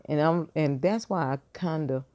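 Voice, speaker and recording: A woman's voice: low voice, moderate pace, warm tone. Rambling woman in her fifties. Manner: rambling, thinks aloud with many fillers and restarts. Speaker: vlogger. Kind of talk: casual chat to viewers. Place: in bed at home.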